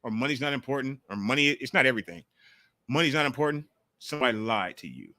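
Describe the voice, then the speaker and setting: A man hosting a casual call-in sports talk livestream, talking in an animated, profane way on a close mic. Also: medium pitch, quick pace, no room sound. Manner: animated, profane, jumps into mocking quotes. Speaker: call-in show host.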